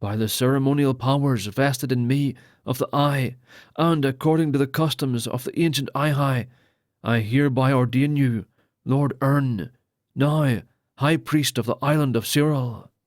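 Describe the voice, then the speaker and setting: A man's voice: medium pitch, a little slow, a little mellow, no echo, studio quality, close to an everyday voice. A man voicing a grave lord speaking in ritual tones. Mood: solemn. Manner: grave, formal pronouncements. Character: solemn ceremonial male lord ordaining priests.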